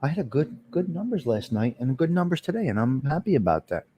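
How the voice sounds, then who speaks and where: A man's voice: medium pitch, very animated, fast talker, mellow, slight background noise. A middle-aged man, hosting a casual live stream and telling rambling, repetitive stories, cursing freely and answering viewers by name.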